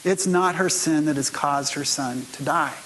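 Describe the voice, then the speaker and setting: Fairly high-voiced man preaching. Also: normal speed, fairly bright tone, slight background noise, low-quality recording. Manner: conversational storytelling, speaking straight to the congregation. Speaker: pastor. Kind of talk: sermon.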